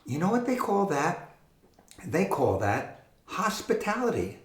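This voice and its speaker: A man hosting a children's music show, explaining things to kids in a gentle, enthusiastic way. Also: high-pitched, wildly swooping pitch, unhurried, echoey room.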